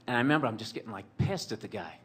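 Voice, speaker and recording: A man's voice: fairly low pitch, animated, very fast, a bit bright, slightly rough. A man telling a long personal story in a rambling, profane, sardonic way, full of fillers like "like" and "you know". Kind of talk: storytelling monologue.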